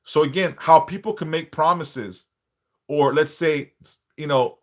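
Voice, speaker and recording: A man's voice: fairly high pitch, measured pace. A man hosting a live stream, lecturing bluntly and profanely, driving his points home with repetition and rhetorical questions. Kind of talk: unscripted live-stream monologue.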